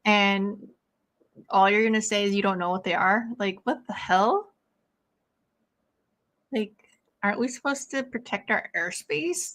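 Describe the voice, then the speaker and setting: A woman's voice: medium pitch, fairly bright tone. A young woman hosting a casual watch-along stream, chatting with viewers and laughing a lot, with many "like"s. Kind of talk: casual chat with live viewers.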